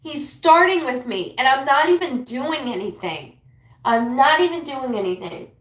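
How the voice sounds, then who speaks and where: A woman's voice: high voice, animated. Rambling emotional woman in an echoey room. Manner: rambling, emotional, channels speech in quick bursts. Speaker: psychic reader. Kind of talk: live psychic reading stream.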